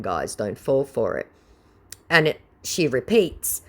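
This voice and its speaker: A woman's voice: very deep voice, big pitch swings, normal speed. A woman hosting a channel, reading a chat exchange aloud with sarcastic, mocking commentary. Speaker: channel host.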